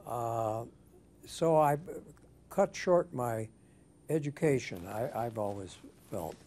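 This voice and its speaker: An older man being interviewed for an oral history, speaking in a measured, thoughtful way with frequent restarts. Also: medium pitch, expressive, darkish tone.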